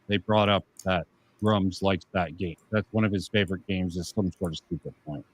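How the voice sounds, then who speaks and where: A man's voice: sits low, steady tone, normal speed, husky. A man hosting a casual commentary stream, reading comments aloud and rebutting them sarcastically. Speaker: streamer host.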